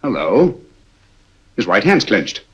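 Old movie detective, precise and cool, kinda husky, muffled old soundtrack. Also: male voice, on the low side, very animated, takes it slowly, a bit bright, heavily acted. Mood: calm, probing. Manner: clipped, precise, deductive. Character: cool, incisive male detective, middle-aged. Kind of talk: 1940s film acting. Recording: dull old film soundtrack.

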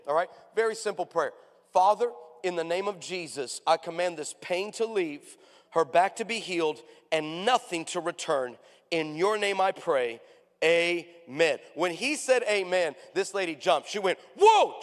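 A man preaching a sermon as pastor, telling stories in an animated way and acting out the people in them with big raised voices. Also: high-pitched. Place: church sanctuary. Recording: long hall reverb.

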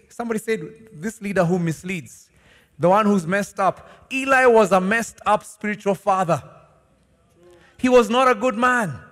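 A man preaching a sermon as pastor, animated, asking the congregation questions and laughing as he teaches. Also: high voice. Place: large church hall. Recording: long church hall reverb.

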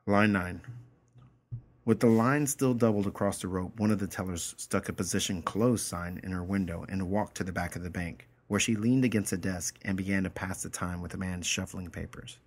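A man's voice: sits low, fairly even intonation, moderate pace, breathy edge. A man teaching a story, reading it aloud line by line and then explaining it in a casual way, often checking in with his listeners.

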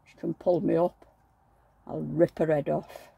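A woman's voice: low voice, little pitch movement, measured pace, vocal fry, warm tone, husky, no echo. A woman who chats bluntly while she works, talking fondly to her dolls and grumbling about her neighbours. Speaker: doll collector vlogger. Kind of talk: chatty running commentary while working.

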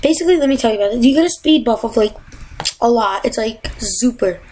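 Woman gamer, fairly high voice, exasperated and excitable commentary, faint room hum behind. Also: quick pace, low-quality recording. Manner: exasperated, excitable, yelps and gasps. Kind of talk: casual gameplay commentary. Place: home.

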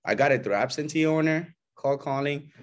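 A working realtor coaches a small group of agents in a loose, chatty way, animatedly acting out what clients and agents say and often checking in with "right?" and "you know?". His voice is fairly high at normal speed.

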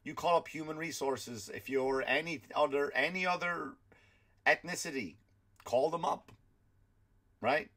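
A man's voice: fairly high pitch, measured pace, long pauses, bright, forceful tone. An Irish man, a stand-up comedian hosting his podcast, ranting sarcastically with profanity and restarts. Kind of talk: comedic rant monologue.

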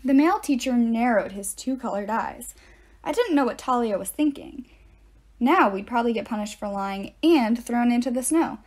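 A woman reading a novel aloud in an expressive way, with deadpan asides. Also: fairly high pitch, moderate pace. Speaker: narrator. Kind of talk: audiobook-style reading aloud.

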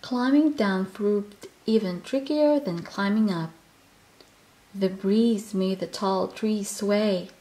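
Slow, gentle woman reading a children's story. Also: medium pitch. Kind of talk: children's picture book read-aloud.

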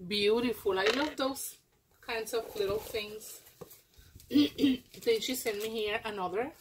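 A woman who is not an English speaker, gushing and exclaiming as she unboxes a gift swap, with many pauses and fillers. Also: on the high side, a little hiss or hum. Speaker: crafting vlogger.

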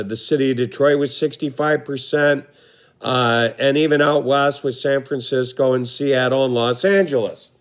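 A man with a medium-pitched voice that's going hoarse teaches a recorded history lesson, speaking in a relaxed manner with frequent fillers and throat clearing.

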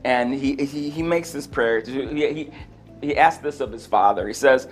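A man teaching a sermon on a parable in a conversational, animated way, acting out the quotes and chuckling between points. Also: mid-range voice, measured pace, faint music behind. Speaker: Bible teacher.

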